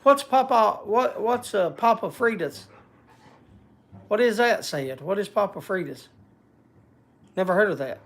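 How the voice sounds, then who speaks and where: Gravelly-voiced man, casual livestream host, chatty and easygoing, greets viewers by name. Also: high-pitched, expressive, unhurried, pauses often, a bit bright. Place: log cabin in the woods.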